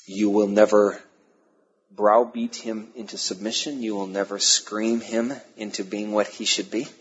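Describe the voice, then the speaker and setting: A male pastor preaching a sermon, emphatic, repeating key phrases and pausing between them. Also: on the low side, flat delivery, husky. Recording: dull lo-fi sermon recording.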